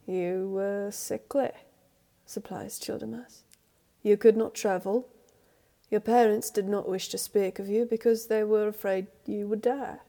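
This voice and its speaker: Woman reading a calm firm servant guy, slow, soft and reassuring. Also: medium pitch, close to an everyday voice. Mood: steady.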